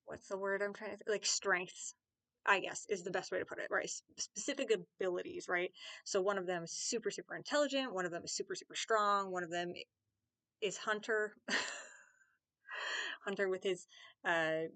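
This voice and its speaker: A woman's voice: lowish voice, a bit bright, dry recording. A woman vlogger chatting casually to camera, rambling, enthusiastic and often correcting herself. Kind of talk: casual fan chat to camera.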